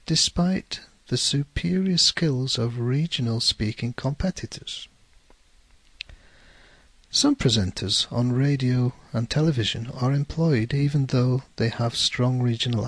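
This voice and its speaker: A man with a Northern English accent giving a measured lesson, careful and correcting himself now and then. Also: mid-range voice, fairly bright tone, breathy edge, no room sound. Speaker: English teacher. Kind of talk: scripted explanatory lecture.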